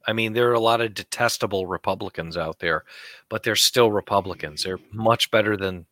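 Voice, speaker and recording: A man's voice: lowish voice, brisk, fairly bright tone, no echo. A man co-hosting a talk show, ranting bluntly and heatedly about politics and money.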